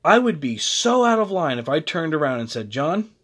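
Animated man ranting with lively pitch. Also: normal speed, husky. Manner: blunt, animated, heated, self-interrupting. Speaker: host. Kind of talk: opinionated rant.

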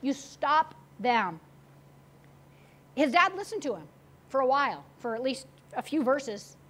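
High-voiced woman preaching a sermon. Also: a little slow. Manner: animated storytelling, acting out quotes. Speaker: pastor.

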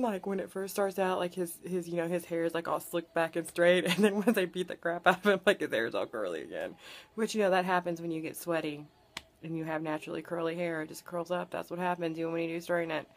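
A woman's voice: lowish voice, fast talker. A young woman vlogger casually recapping a short film, chatty and full of fillers, with some swearing. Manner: chatty, filler-heavy retelling with lots of "like" and swearing.

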